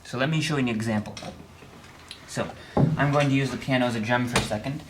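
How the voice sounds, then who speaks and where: A man's voice: medium pitch, fast talker, heavy background noise. A man teaching an online music theory lesson at a piano, explaining step by step with dry humor and frequent checks of "okay?". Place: room with a piano.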